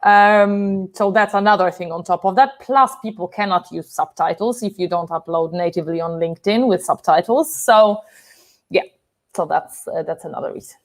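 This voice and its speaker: A woman's voice: fairly low pitch, moderate pace. A young woman from Poland with a Polish accent, co-hosting a casual live stream, chatty and laughing often.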